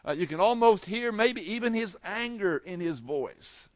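A male pastor preaching a sermon in a fairly high voice, emphatic and repetitive. He often restarts his phrases and swings between booming and hushed. The recording is dry and dull, like lo-fi audio. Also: lively intonation, moderate pace, few pauses, dry recording.

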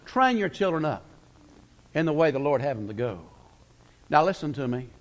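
Preacher guy, kinda high voice, folksy, slows way down then rushes. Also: sing-song, rough recording. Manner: folksy storytelling preacher, pace swinging slow and fast. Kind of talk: sermon.

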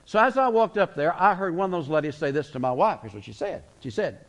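Man, middle-aged, guest preacher, sermon, folksy, emphatic, slightly high-pitched. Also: animated, fairly bright tone. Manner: folksy, emphatic, slows words for weight. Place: church sanctuary.

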